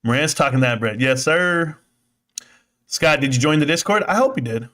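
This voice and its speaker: A man's voice: on the high side, normal speed. Rambling, breathless man hosting a live stream. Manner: rambling, animated, swearing, laughs often. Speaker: live-stream host reading chat. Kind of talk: casual live-stream chat.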